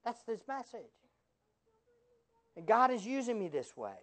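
A pastor preaches a sermon from the pulpit in a high-pitched, slightly slow voice that is lively and swings widely up and down. He keeps asking the congregation rhetorical questions and slips in sarcastic asides.

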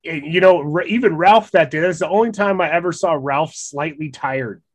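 A man's voice: fairly high pitch, moderate pace, no room sound. A man in a casual chat, recounting a hard outdoor trip with self-mocking humor and frequent laughter. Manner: laughs often, self-deprecating.

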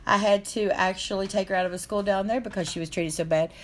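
A woman's voice: mid-range voice, fairly even intonation, fast talker, a little hiss or hum. A middle-aged woman, telling a painful story in an earnest, aggrieved way. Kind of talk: casual chat.

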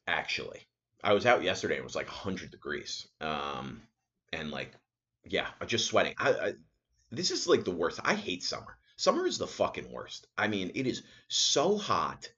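A man's voice: deep voice, normal speed, dull audio. A young man hosting a solo podcast, telling rambling, profane stories and acting out other people's lines. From New York area resident. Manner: rambling, profane, animated storytelling with acted-out quotes. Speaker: podcast host. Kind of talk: casual solo podcast monologue.

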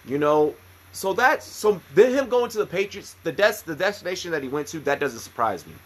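A man's voice: fairly high pitch, animated, a little fast, fairly bright tone, husky. A man in his thirties from the United States, a veteran podcast co-host telling stories in a rambling, profane way with lots of restarts. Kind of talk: casual chat, storytelling.

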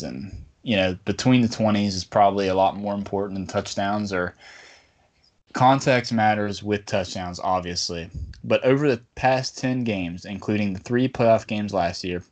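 A man hosting a casual sports podcast, talking in a rambling, bantering way. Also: fairly low pitch. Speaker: podcast host.

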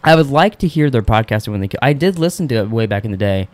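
Casting: young male podcast co-host, rapid-fire recap, mid-pitched, acts out quotes, salty language. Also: expressive. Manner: rapid retelling, acting out characters' lines, swears freely. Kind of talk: casual chat recapping a TV episode.

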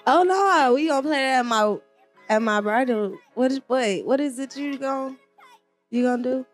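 A woman's voice: high voice, normal speed, faint music behind. A woman guesting on a podcast in casual chat, teasing and questioning.

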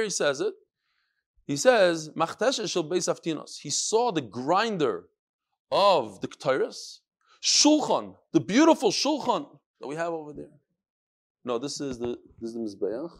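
Guy giving a talmud class, really expressive, acts out the quotes, voice sits a bit high. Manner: animated, dramatizes quotes, mixes in Hebrew and Aramaic terms. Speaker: Talmud teacher. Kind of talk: lively Talmud class storytelling.

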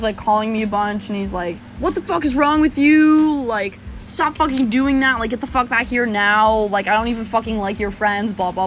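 A young woman telling a story in casual chat, animated and swearing as she talks. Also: a little high. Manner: animated, swearing, laughing often.

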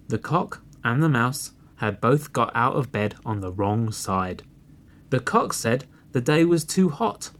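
A man reading a folk tale aloud as a storybook narrator, expressive and unhurried. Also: mid-range voice.

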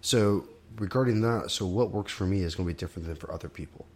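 Deep-voiced, hesitant male podcaster. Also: breathy edge. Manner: hesitant, halting, restarts often. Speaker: podcast co-host. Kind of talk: casual podcast chat.

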